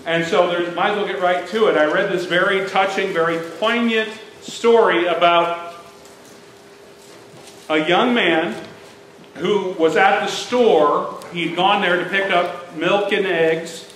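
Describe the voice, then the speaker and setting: Middle-aged male pastor, high bright voice, unhurried storytelling sermon, echoey sanctuary. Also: fairly even intonation, a little hiss or hum. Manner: storytelling, building to emphatic preaching. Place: church sanctuary.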